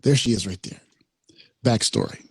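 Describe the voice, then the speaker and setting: Husky, lively-voiced male podcast host. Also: on the low side, moderate pace. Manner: animated storyteller, laughs often. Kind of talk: casual podcast chat. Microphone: studio microphone.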